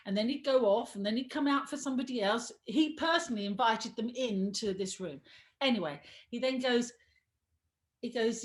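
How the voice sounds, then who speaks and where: A woman on a sofa at home, telling a lively anecdote as an interview guest, laughing, trailing off and acting out the voices. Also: a little high, fairly quick. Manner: excitable, laughing, trailing off and restarting. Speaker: guest telling career stories.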